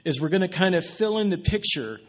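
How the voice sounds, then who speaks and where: A man preaching as a guest speaker in a relaxed, self-deprecating way, with asides and restarts. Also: sits high, brisk. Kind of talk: casual sermon.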